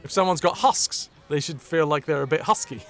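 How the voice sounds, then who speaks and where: A man's voice: on the high side, a little fast, a bit bright. A man streaming a video game, chatting and joking in a rambling, casual way. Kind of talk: casual live commentary.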